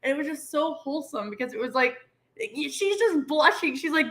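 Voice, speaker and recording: Excitable Canadian woman, co-host; bright, tense delivery, acts out quotes. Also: high voice, quick pace. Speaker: podcast co-host. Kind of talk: casual chat.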